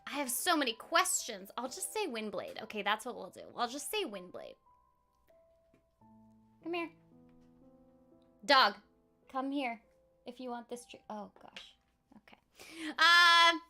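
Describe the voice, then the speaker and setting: A woman's voice: high voice, bright, forceful tone. A woman voice actor chatting with viewers on a casual game stream in a bubbly, giggly way.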